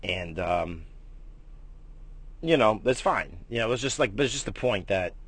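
A man hosting a casual morning vlog, rambling and swearing, jumping between loud bursts and low mutters. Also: expressive, unhurried, husky. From United States. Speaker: morning stream host.

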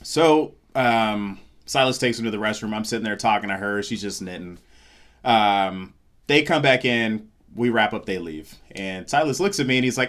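A man's voice: lowish voice, normal speed. A man who is a comedian, telling a story in casual chat and acting out the lines of the people in it. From Seattle, USA. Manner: animated, acts out quoted lines.

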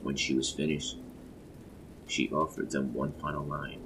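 Deep gravelly male narrator, slow measured delivery, rain and rumble noise behind. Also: fairly even intonation. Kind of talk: scripted horror narration.

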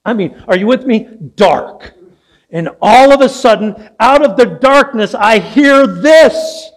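Older man, pastor, preaching, high-pitched, storytelling, asks the room questions. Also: expressive, slow pace, shouting. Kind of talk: sermon. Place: church sanctuary.

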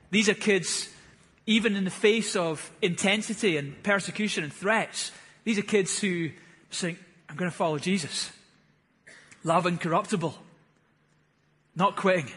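A man's voice: high-pitched, unhurried, pauses often, a bit bright, breathy edge, in a large hall. A man, preaching a sermon, earnest and building to fervent emphasis. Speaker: pastor.

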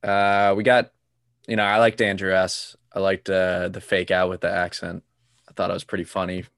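Young dude cracking jokes, low voice, dry sound. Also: male voice, little pitch movement, moderate pace, a bit bright, dry recording. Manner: joking, teasing. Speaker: podcast co-host. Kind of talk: casual chat.

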